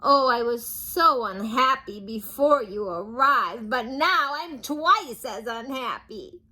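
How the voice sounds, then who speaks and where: Woman doing a sobbing storybook king, high, slow and drawn-out. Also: lively intonation, pushed and bright, heavily acted. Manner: wailing, tearful, drawn-out. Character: weepy sobbing old male king.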